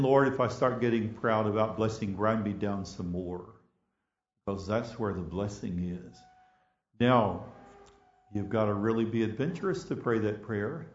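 A man with an Australian accent preaching a sermon, telling stories animatedly and rising to loud emphatic peaks before dropping to hushed, prayerful tones. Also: lowish voice, echoey room, lo-fi sound. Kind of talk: sermon with storytelling.

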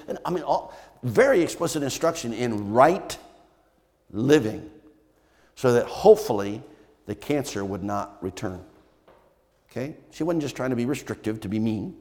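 A man's voice: medium pitch, lively intonation, moderate pace, long pauses, darkish tone. Emphatic male pastor in a reverberant hall. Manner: emphatic, repetitive, rhetorical questions. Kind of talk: sermon. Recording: long church hall reverb.

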